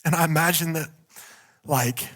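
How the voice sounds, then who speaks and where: A man's voice: on the high side, steady tone, moderate pace, fairly bright tone. A male pastor giving a conversational sermon, often saying "like" as he speaks. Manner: conversational, heavy use of "like".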